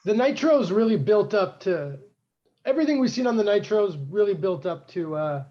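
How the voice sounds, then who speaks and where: A man's voice: high-pitched, animated, normal speed. A man, co-hosting a casual wrestling podcast and rambling through history with many fillers. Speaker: podcast co-host. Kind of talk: casual chat. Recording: dull lo-fi sound.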